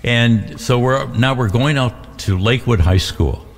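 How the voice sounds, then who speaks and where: An older man, a veteran radio DJ, tells stories in a halting, animated way during a casual studio chat. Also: medium pitch, big-room sound.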